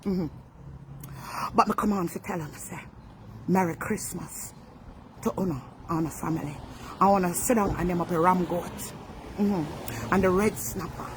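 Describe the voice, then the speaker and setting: A woman with a Jamaican accent, a home baker giving an animated casual holiday message to her customers. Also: on the low side, normal speed, pauses often, background noise. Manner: animated, calls herself by her business name in the third person. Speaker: home baker selling cakes.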